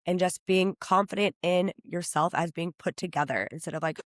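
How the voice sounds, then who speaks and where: A woman's voice: normal speed, dry recording. Woman in her thirties, personal stylist guest, chatty and enthusiastic, dry close sound. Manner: enthusiastic, chatty, acts out quotes with high-pitched voices. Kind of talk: upbeat podcast interview.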